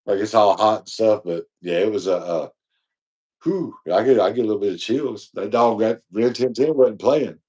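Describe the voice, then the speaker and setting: A man's voice: fairly low pitch, normal speed, a little mellow, husky. A man co-hosting a podcast, telling a long, rambling, slangy story in casual chat. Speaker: podcast co-host.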